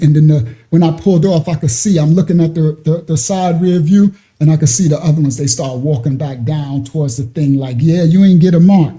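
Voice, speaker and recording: A middle-aged man, telling a story in animated, slangy casual talk with laughing asides. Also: fairly high pitch. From New York.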